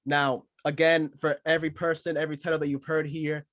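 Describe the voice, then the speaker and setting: A man's voice: fairly high pitch, level tone, a little fast, fairly bright tone, no room sound. Playful male podcast host, dry close sound. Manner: joking, playful, laughs often. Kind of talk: casual chat.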